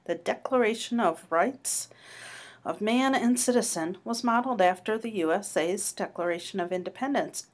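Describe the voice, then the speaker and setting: A woman teaching a French class online, patiently explaining grammar and modeling pronunciation. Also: lowish voice. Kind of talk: online class review lecture.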